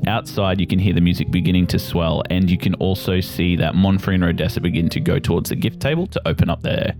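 A man narrating a tabletop game as game master in a relaxed, descriptive way. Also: deep voice.

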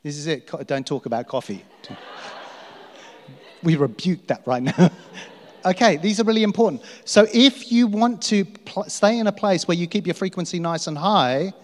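A man's voice: sits high, lively intonation, moderate pace, a little mellow. A middle-aged man preaching a sermon, telling stories about himself with self-mocking humor and frequent laughter. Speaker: pastor. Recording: long hall reverb.

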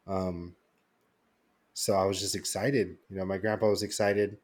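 A man's voice: low voice, little pitch movement, unhurried. A young man co-hosting a podcast, telling a story in casual chat with lots of fillers and restarts. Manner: rambling storytelling with many fillers. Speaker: podcast co-host.

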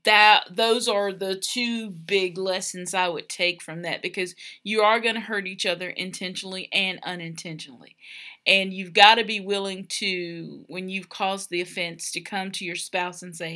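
A woman's voice: mid-range voice, moderate pace. A woman co-hosting a podcast with her husband, telling stories expressively and laughing easily. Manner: warm, laughing, expressive storyteller. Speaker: podcast co-host. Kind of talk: casual chat about marriage.

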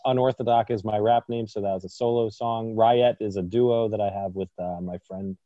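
A man co-hosting a podcast, joking in a dry, deadpan way in casual banter. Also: on the low side, normal speed, no room sound, dull audio. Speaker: podcast co-host.

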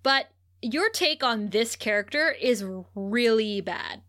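Woman co-host, bright and fairly high voice, animated and giggly recap chat. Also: slow. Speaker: podcast co-host. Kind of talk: casual TV episode recap chat.

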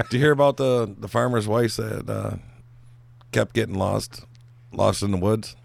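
A man's voice: on the low side, flat delivery, a little slow, gravelly, a little hiss or hum. A man co-hosting a podcast in casual chat, playfully telling corny jokes and laughing at his own puns. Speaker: podcast co-host.

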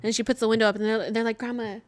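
A middle-aged woman guest telling a family story in a casual, animated way, with swearing. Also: fairly high pitch, racing, no echo. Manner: animated, swears, laughs through her story. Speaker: podcast guest.

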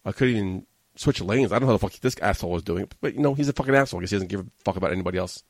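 A man with a low, gravelly voice rushes through a profane, agitated rant in a podcast studio. He rambles along with plenty of swearing. The sound is dry and close, with no room echo. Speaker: podcast host. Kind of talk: casual storytelling rant.

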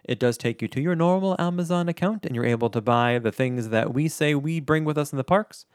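A man's voice: on the high side, a little fast, no echo, studio quality. A man co-hosting a podcast, chatting casually through the show's outro and plugs. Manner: chatty, self-deprecating. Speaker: podcast co-host.

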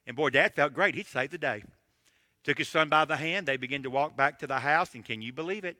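A man's voice: fairly high pitch, brisk, pushed and bright, dry recording, big-room sound. A man in his sixties preaching a sermon, emphatic and direct, laying out numbered points.

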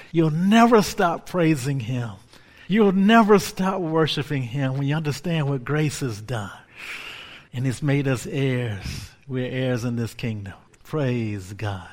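A man preaching a sermon with fervor, repeating phrases and swinging from loud exclamations to hushed whispers. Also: mid-range voice.

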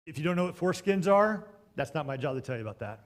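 A man preaching a storytelling sermon, swinging between loud bursts and hushed moments, with joking asides to the congregation. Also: fairly high pitch, expressive, fast talker.

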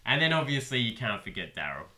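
A man's voice: medium pitch, very animated, fast talker, sharp tone. A man in casual chat, enthusiastically retelling scenes in a rambling way.

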